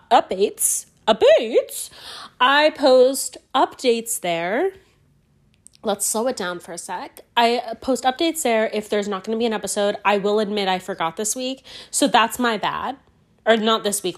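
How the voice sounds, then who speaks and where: A woman hosting a solo podcast, hoarse from a cold, talking in a rambling, profane and playfully sassy way. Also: fairly high pitch. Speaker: podcast host.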